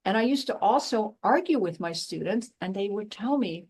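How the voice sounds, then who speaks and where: A woman guest, once a professor, speaking in a blunt, emphatic and animated way in a passionate interview conversation. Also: medium pitch, normal speed, breathy edge. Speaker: guest, former professor and intuitive.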